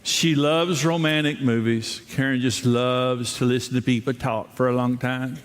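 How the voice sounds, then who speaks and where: A man's voice: mid-range voice, fairly even intonation, normal speed, in a large hall, a little hiss or hum. An older man as pastor, giving a sermon on marriage with humorous storytelling, his voice jumping up when he mimics others. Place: large room with a live audience.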